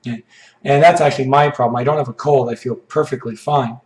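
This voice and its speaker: A man teaching an English idiom lesson, his voice hoarse and froggy from allergies, explaining slowly with frequent "okay"s. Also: mid-range voice, steady tone, darkish tone, roomy sound, rough recording. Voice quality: froggy, rough throat.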